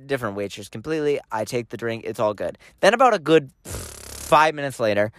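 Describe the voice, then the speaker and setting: A man's voice: mid-range voice, very animated, a little fast, a bit bright. A man co-hosting a podcast in casual chat, riffing emphatically and repeating phrases for effect. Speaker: podcast co-host.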